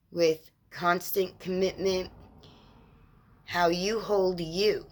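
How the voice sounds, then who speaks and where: A woman speaking as a spiritual mentor in an inspirational monologue, gentle and reassuring, with measured, drawn-out phrasing. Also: lowish voice. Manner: slow, measured, drawn-out phrasing with lists of words.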